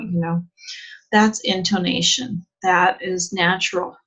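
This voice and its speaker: A woman's voice: medium pitch, fairly even intonation, measured pace. A woman teacher giving a chatty English exam lesson, asking rhetorical questions and using plenty of fillers. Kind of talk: online lesson. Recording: dull lo-fi sound.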